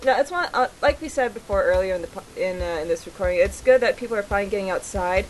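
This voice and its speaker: Hesitant, measured woman podcast guest. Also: medium pitch, animated, soft background music, low-quality recording. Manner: measured, hesitant, weighs both sides. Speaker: podcast co-host. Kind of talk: casual chat.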